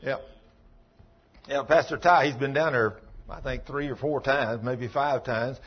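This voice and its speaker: A man's voice: medium pitch, steady tone, a little slow, husky, dull audio. A man preaching a sermon as pastor, telling folksy stories in a plain-spoken, emphatic way.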